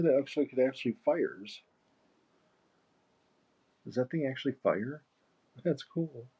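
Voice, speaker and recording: Casual male streamer, husky voice, muffled lo-fi mic, rambling chat. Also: medium pitch, big pitch swings, slow, long pauses, mellow. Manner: rambling, easygoing, laughs often. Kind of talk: casual chat while painting.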